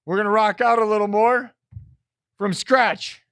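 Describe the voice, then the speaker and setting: A man's voice: high-pitched, fairly even intonation, unhurried, fairly bright tone, smooth, no echo. Brief: teasing male stream host, ranting, dry close sound. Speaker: livestream host and musician. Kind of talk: casual livestream chat.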